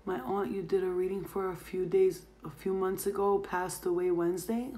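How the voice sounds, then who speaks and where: A woman's voice: lowish voice, fairly even intonation, normal speed, gravelly, few pauses, dark tone. A woman giving a casual, rambling tarot reading, full of "like" fillers. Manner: rambling, chatty, heavy on "like" fillers. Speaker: tarot reader. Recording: roomy echo.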